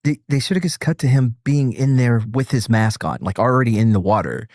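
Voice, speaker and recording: Streaming with friends as they react to a video, this man rambles in casual chat, cracks jokes, and chuckles a lot. His voice is medium-pitched, expressive, and brisk with a darkish tone, captured dry and clean in a studio.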